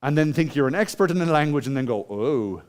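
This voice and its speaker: An Irishman with a fairly high, clear, resonant voice races through a conversational talk in a conference hall. He tells a personal story, puts questions to the audience, and restarts his sentences often.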